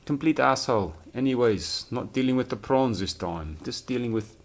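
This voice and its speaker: A man's voice: mid-range voice, expressive, normal speed, pitched above the performer's own voice. A man putting on an exaggerated South African accent as a crude, blunt, swearing man. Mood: mocking. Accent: mock South African.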